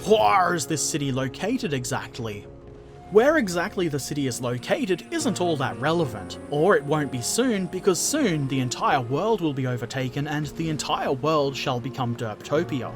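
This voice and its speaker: A man's voice: on the high side, sing-song, normal speed, music in the background. A man hosting a gaming channel, casually answering viewer comments with jokes and silly put-on voices.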